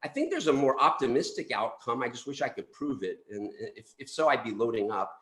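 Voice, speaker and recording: Guest analyst, male, mid-pitched, halting thoughtful delivery, recorded in a roomy space. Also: big pitch swings, fairly bright tone. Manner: thoughtful, hesitant, many restarts. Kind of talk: casual market commentary.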